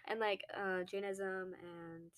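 A woman's voice: medium pitch, flat delivery, slow, no echo. A young woman co-hosting a casual podcast, chatty and trailing off as she checks her notes. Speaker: podcast co-host. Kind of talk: casual chat.

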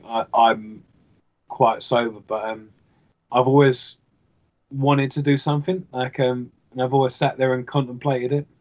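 A man speaks hesitantly as a podcast guest, stopping and restarting often. His voice stays flat and level, and the recording sounds dull and lo-fi. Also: mid-range voice, unhurried. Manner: hesitant, many fillers and restarts. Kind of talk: casual chat.

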